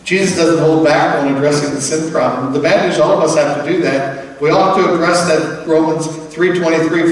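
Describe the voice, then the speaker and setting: A man preaching a sermon as pastor, talking in a conversational, animated way and acting out quoted voices. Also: on the high side, brisk. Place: large church hall. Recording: echoey church hall, from far off.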